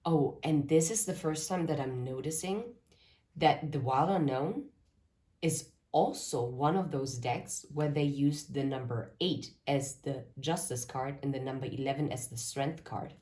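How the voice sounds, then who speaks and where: A woman's voice: very deep voice, a little slow, warm tone. A woman reading tarot cards to her viewers, talking earnestly about spirit messages and breaking off into rambling asides. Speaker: tarot reader. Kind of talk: channeled tarot reading to camera.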